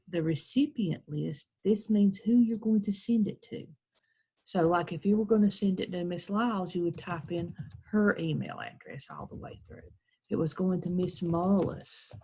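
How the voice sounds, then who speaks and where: American lady teacher explaining step by step, slow, a bit husky. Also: lowish voice, darkish tone. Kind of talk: recorded screen tutorial for children.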